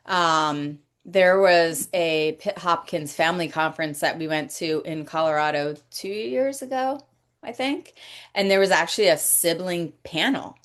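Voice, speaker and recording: A woman hosting a podcast, talking slowly and reflectively in a casual faith-based conversation, pausing to search for words. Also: lowish voice, fairly bright tone. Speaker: podcast host.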